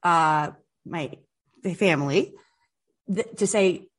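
A woman hosting a podcast in casual chat, telling stories in an animated way, with lots of "like" and swearing. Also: medium pitch, moderate pace. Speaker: podcast host.

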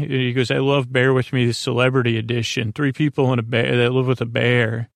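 A man hosting a sleep podcast, retelling a TV episode in a meandering, low-key way. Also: flat delivery, a little fast, vocal fry, hardly any pauses, no room sound, studio quality. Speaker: podcast host. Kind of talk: relaxed plot recap for a sleep podcast.

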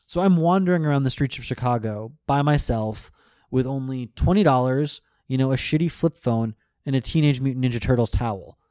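A man's voice: medium pitch, brisk, mellow, no echo, studio quality. A man telling a personal story in casual chat as a guest, rambling, restarting sentences and laughing often.

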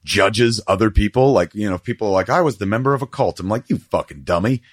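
A man's voice: fairly low pitch, quick pace, breathy edge, no echo, studio quality. A middle-aged man telling stories in casual chat as a podcast host, rambling and swearing, acting out what others said. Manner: profane, rambling storytelling with lively quoted voices.

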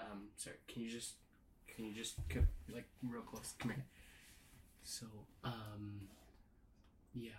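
A man performing an improvised comedy sketch, talking hesitantly with many restarts and fillers. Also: lowish voice. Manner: hesitant, halting, full of restarts and ums. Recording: echoey room with faint ambient noise.

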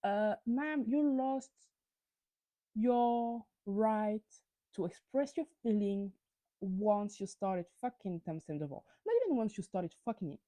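A woman's voice: mid-range voice, a little slow, mellow, no echo. A woman hosting a podcast, giving a ranting gossip recap of reality TV, swearing freely and stumbling over words when worked up. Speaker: podcast host.

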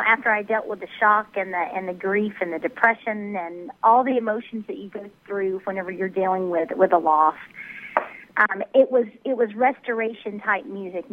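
Southern woman on a tinny phone line. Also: medium pitch. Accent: Southern US, mixed Tennessee and Texas. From Tennessee. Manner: earnest and heartfelt. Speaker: guest singer. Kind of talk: phone interview.

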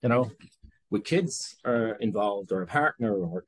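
An unhurried Irish guest entrepreneur with a lowish, expressive, breathy-edged voice talks in a conversational interview with no echo. His manner is rambling and candid, with casual swearing and frequent self-interruptions.

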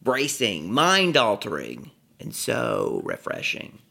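A middle-aged man from Texas, a comedic storyteller, telling a vivid personal story in a lively, theatrical way and savoring his words. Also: lowish voice, slow, gravelly. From Texas, USA.

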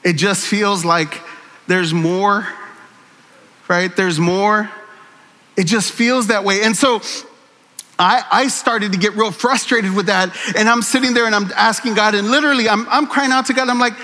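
A man's voice: high-pitched, steady tone, a little slow, pushed and bright, long reverb tail. A man preaching a conversational sermon, earnest and candid, with self-deprecating humor, in a church sanctuary. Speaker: pastor.

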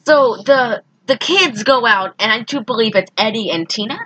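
A woman co-hosting a casual podcast, recapping a movie in an animated, exasperated way. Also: on the high side, normal speed, slightly rough, lo-fi sound. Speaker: podcast co-host.

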